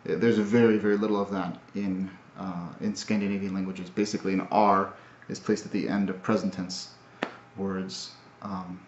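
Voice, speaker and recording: A man recapping his language studies in a casual video, talking in a halting, thoughtful way with many fillers and restarts. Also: deep voice, level tone, a little hiss or hum. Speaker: language learner. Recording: roomy, dull lo-fi audio.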